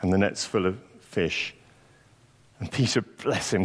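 A man's voice: low voice, measured pace, long pauses, slightly rough. A man giving a sermon, telling a story in a reflective way and acting out quoted lines. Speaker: preacher. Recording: long hall reverb.

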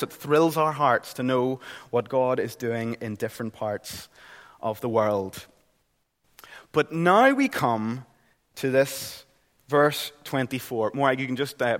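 A man's voice: medium pitch, a bit bright. A middle-aged man with a Northern Irish accent preaching a sermon in a church, earnest and conversational. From Northern Ireland. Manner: earnest, conversational, with frequent restarts. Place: church hall. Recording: long hall reverb.

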